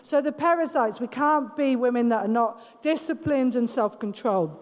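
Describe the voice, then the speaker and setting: A woman preaching a sermon to a women's gathering in an emphatic, exhorting, animated way. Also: fairly high pitch, normal speed. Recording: long hall reverb.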